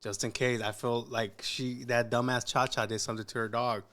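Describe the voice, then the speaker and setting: A man's voice: medium pitch, level tone, moderate pace, fairly bright tone. A man hosting a reaction video, making crude joking asides. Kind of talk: casual reaction commentary.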